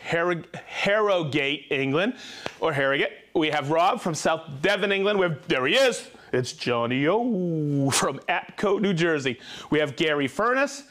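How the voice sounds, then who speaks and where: A man with a high voice hosts a live stream and rattles off viewers' names and hometowns. He is upbeat and jokey, and he trips over the tricky names as he goes. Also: animated, moderate pace, a bit bright. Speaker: host of a live tool stream. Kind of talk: reading out viewer shout-outs.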